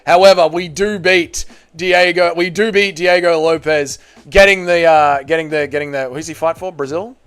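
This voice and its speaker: A young man hosting a casual livestream, reading chat comments and bantering loudly with sudden excited shouts and plenty of swearing. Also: a little high, normal speed, smooth. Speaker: livestream host.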